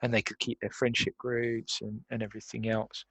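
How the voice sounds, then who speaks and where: A man's voice: fairly low pitch, monotone, normal speed, fairly bright tone, dry recording. A man, a guest in a podcast interview, talking reflectively and laughing often. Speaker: guest, career coach.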